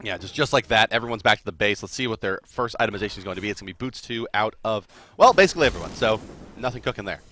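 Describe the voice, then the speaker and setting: Man, esports caster, bright tone, energetic, chatty play-by-play. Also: on the low side, very fast. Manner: energetic, chatty, laughs often. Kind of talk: play-by-play commentary.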